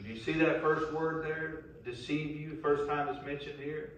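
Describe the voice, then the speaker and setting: A man, preaching a sermon as pastor, building to loud emphatic calls. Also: a little high, steady tone, normal speed, hardly any pauses, heavy reverb, distant mic, low-quality recording. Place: church sanctuary.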